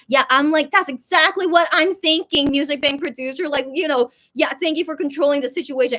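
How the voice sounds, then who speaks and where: A woman vlogger telling a story in casual chat, rambling with lots of fillers and squealing high when she quotes others. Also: a bit bright. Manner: rambling, heavy use of "like" and "okay?", acts out others in high squeals.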